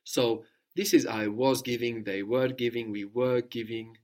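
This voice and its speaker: Man, language teacher, medium pitch, patient, prompting questions, repeats answers. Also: steady tone, a little slow, a little mellow. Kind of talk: guided language lesson.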